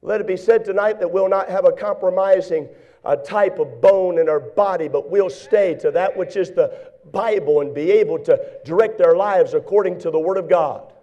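Fiery high-pitched preacher. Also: male voice, normal speed, muffled recording. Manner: swings from hushed to shouting fervor. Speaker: pastor. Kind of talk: sermon. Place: church.

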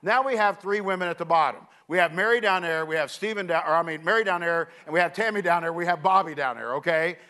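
Animated, bright-voiced storytelling preacher. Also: male voice, high voice, fast talker, few pauses. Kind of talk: sermon illustration.

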